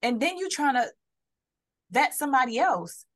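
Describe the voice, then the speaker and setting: A woman's voice: high voice, big pitch swings, normal speed, a bit bright. A woman co-hosting a podcast, chatting casually and acting out quotes as she tells stories. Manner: storytelling, acts out quotes in shifting voices. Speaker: podcast co-host. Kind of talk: casual chat.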